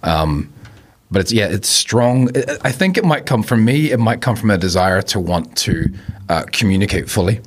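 A man's voice: on the low side, very animated, normal speed. A man talking as a podcast guest in casual conversation, reflective and rambling, laughing easily.

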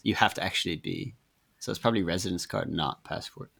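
A man's voice: sits low, lively intonation, fast, creaky, fairly bright tone. A young man, a podcast guest who talks bluntly, swears freely and laughs as he tells his complaint. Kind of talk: casual podcast chat.

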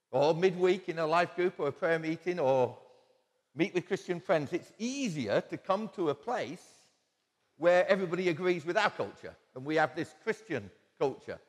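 A man preaching a sermon in a church, telling stories conversationally with quoted asides and chuckles. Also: fairly high pitch. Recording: long church-hall reverb.

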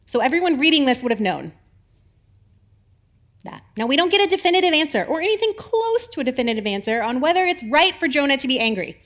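A woman giving a casual, animated sermon, acting out the biblical figures. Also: high voice, fast. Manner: chatty, animated, acts out voices of biblical figures with laughs. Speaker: preacher.

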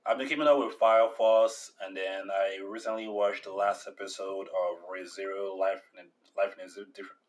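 Deep-voiced man, relaxed and hesitant. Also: far from the mic, slight background noise, poor audio. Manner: relaxed, hesitant, many fillers. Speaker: podcast co-host. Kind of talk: casual chat.

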